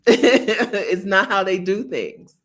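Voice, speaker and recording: A woman's voice: medium pitch, very slow. An American woman telling travel stories in casual chat to viewers, chatty and often laughing. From United States. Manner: chatty, laughing, animated storytelling. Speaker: travel vlogger. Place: Bogota.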